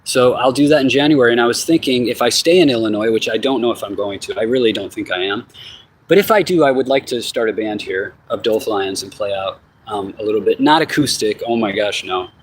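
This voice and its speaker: Husky man rambling casually. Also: lowish voice, a little fast, low-quality recording. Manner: loose and profane, slangy asides. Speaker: musician giving a channel update. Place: outdoors on a hot evening.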